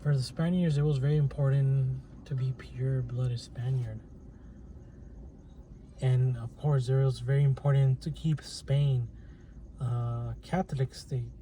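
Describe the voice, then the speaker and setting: A man's voice: mid-range voice, fairly even intonation, a little slow, dark tone. A man talking to camera in a casual rambling monologue, hesitant, with many restarts and fillers. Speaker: channel host. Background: faint plane and traffic noise.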